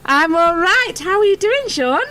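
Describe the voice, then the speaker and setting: A woman's voice: very high-pitched, expressive, moderate pace, bright, forceful tone. A British woman co-hosting a radio talk show with casual, teasing, bawdy banter. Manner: teasing, bawdy, laughs along.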